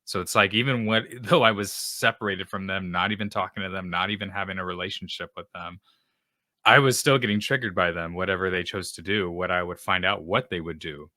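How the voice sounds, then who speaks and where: A man's voice: low-pitched, brisk, sharp tone, dry recording, clean studio sound. A man hosting a Christian podcast, talking earnestly and casually about forgiveness, often restarting his sentences. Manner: earnest and conversational, with frequent restarts. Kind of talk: casual faith talk.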